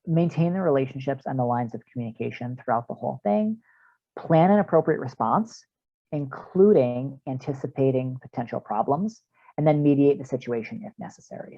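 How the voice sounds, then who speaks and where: A man's voice: mid-range voice, no room sound. A man, a counselor, giving a practical online training talk to parents in a conversational way with many fillers, over a video call. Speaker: counselor presenting a parent workshop. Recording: dull, dry video-call audio.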